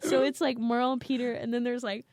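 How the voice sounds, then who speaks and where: A comedian guest in a basement studio tells stories in a casual chat, animatedly acting out her family members' lines. She talks fast in a higher voice, and the recording has no room sound.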